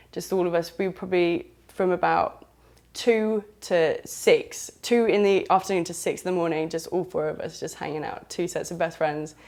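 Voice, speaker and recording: Woman, southern English accent, slightly low voice, candid personal storytelling, chatty and frank. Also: darkish tone. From southern England. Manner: chatty, loose and frank, with British slang.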